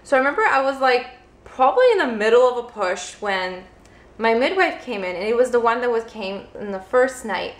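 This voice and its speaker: A woman's voice: fairly high pitch, lively intonation, brisk. A young woman vlogger telling a personal story casually, peppering her speech with "like" fillers. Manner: chatty, heavy use of "like" fillers. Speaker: vlogger, first-time mother. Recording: roomy echo.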